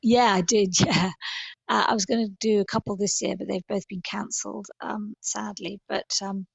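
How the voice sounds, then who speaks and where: A middle-aged woman, a podcast guest, talking in a thoughtful, halting way with many fillers and restarts. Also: medium pitch, fairly even intonation, creaky, husky, dry recording. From England. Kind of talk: podcast interview.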